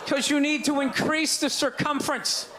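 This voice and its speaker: Man, stand-up comedian, high voice, loud exasperated rant, live club crowd laughing. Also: steady tone, normal speed, noisy background. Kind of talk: stand-up set.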